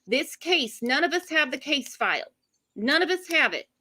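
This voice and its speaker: A woman's voice: high voice, lively intonation, pushed and bright. A woman hosting a true-crime live stream, chatting casually with guests and her chat audience. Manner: chatty, fast asides to chat. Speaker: livestream host.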